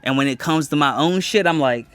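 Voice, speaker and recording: A comedian co-hosting a podcast in casual chat, talking candidly and boastfully in quick restarts and swearing freely. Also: male voice, fairly high pitch, a bit bright.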